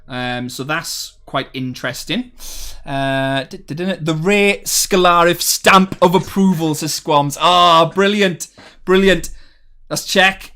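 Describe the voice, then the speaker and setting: A man's voice: on the high side, a little slow, sharp tone. A man hosting a casual livestream, reading viewers' chat messages aloud and answering in a chatty, friendly way with many fillers and restarts. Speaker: streamer reading live chat.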